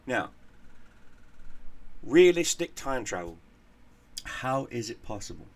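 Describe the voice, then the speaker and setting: A man's voice: medium pitch, sing-song, slow pace. A man hosting a gaming channel, telling a casual story in a profane, rambling way and repeating words as he goes.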